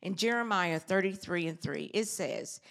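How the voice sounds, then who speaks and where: A woman's voice: lowish voice, animated, normal speed, vocal fry, fairly bright tone. Middle-aged woman, casual sermon delivery, rhetorical and folksy. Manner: conversational, laughs often, asks rhetorical questions. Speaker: preacher. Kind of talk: informal sermon.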